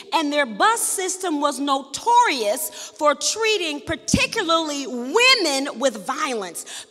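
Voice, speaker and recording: A woman pastor preaching a storytelling sermon, building to shouted emphasis, in a large hall at a worship service. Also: high voice.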